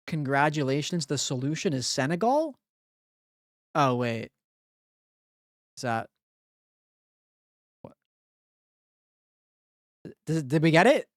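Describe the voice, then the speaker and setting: Profane, slow-talking live streamer. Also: medium pitch, big pitch swings, no room sound, clean studio sound. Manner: thinks aloud, blunt and profane banter with chat. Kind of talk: casual live-stream chat while solving word puzzles. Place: home streaming room.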